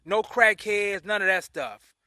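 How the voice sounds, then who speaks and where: A man's voice: high voice, a little slow, pushed and bright, dry recording. A man ranting his opinions in a vlog, indignant and repeating himself as he restarts phrases. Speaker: vlogger. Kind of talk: opinion rant to camera.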